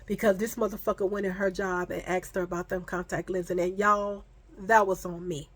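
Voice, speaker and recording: A woman's voice: mid-range voice, moderate pace. A pregnant woman telling a storytime vlog in a casual, profane way, acting out the people she quotes, and she says she feels sick and foggy. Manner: animated, profane, acts out the people in her story.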